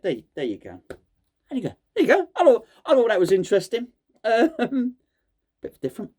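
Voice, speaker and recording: Lively joking man hosting. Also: high-pitched. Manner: mock-serious, joking, stumbles and repeats words. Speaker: host. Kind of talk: casual chat.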